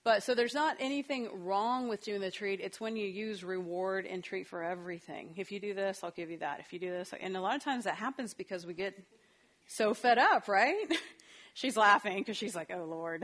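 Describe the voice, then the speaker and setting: A woman's voice: mid-range voice, normal speed. A middle-aged woman leading a parenting workshop for a group, talking casually and animatedly with frequent laughter. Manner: conversational, animated, laughs often.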